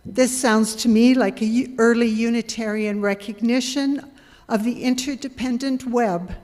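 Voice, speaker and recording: A woman giving a measured, earnest reflection to a congregation as a lay worship leader. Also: on the high side, a little mellow. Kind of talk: sermon reflection. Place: congregation hall. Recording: long hall reverb.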